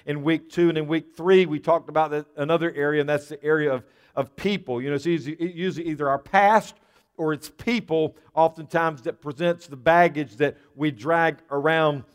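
A man with a fairly high voice preaches a sermon in a church sanctuary, and a long reverb trails after his words. He talks in a conversational way as pastor and often repeats words as he goes. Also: fairly even intonation, moderate pace, clear, resonant tone. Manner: conversational, repeats words while telling a story.

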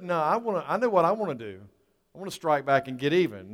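Pastor guy preaching, kinda high voice, goes loud then drops to quiet asides, echo from a big church hall. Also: sing-song. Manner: emphatic preaching that swings between loud, drawn-out lines and quiet asides; rhetorical questions to the congregation. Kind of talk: sermon.

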